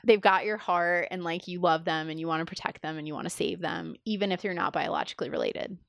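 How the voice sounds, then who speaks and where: A woman's voice: on the low side, fast, gravelly, a bit bright, dry recording, studio quality. A woman in casual podcast chat, talking enthusiastically with lots of fillers and acting out quoted lines. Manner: enthusiastic, filler-heavy, acts out quoted dialogue.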